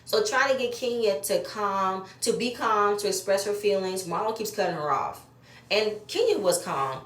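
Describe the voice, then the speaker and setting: A woman's voice: mid-range voice, moderate pace, fairly bright tone. A woman giving blunt, profane, opinionated commentary while she reviews a reality show episode. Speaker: reality TV recap host. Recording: echoey room.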